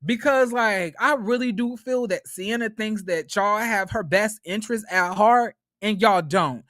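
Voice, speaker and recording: A man recapping a reality show in a casual commentary vlog, talking to viewers as y'all in an animated, profane way. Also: sits high, a little slow, no room sound, clean studio sound.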